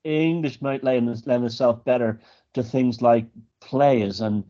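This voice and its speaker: An Irish man talks as a podcast guest, easygoing and anecdotal. His voice sits at a middling pitch. The recording is a little muffled and lo-fi. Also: slow pace. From Ireland. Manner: relaxed storytelling, slips into quoted dialogue. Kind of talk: casual conversation.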